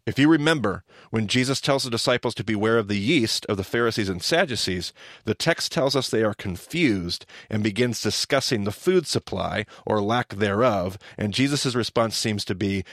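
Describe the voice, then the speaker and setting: Gravelly-voiced man teaching with animation. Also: lowish voice, normal speed, no room sound, clean studio sound. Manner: animated storyteller, acts out quoted lines. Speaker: podcast host and teacher. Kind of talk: casual teaching chat.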